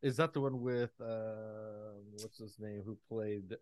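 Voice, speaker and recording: A man's voice: lowish voice, steady tone, takes it slowly, darkish tone. A man co-hosting a podcast, talking casually and animatedly, swearing freely as he tells stories. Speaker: podcast co-host. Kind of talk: casual chat.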